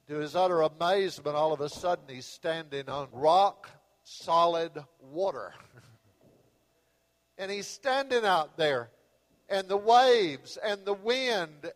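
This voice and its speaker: A man preaching a sermon as a pastor, retelling a Bible story with lively, storytelling delivery. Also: high voice. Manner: storytelling, acts out Bible scenes with rising and falling intensity. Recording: hall reverb.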